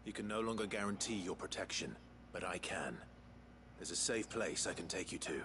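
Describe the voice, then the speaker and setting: Deep-voiced protective swordsman, calm and reassuring, noisy game mix. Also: moderate pace. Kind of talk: video game cutscene dialogue.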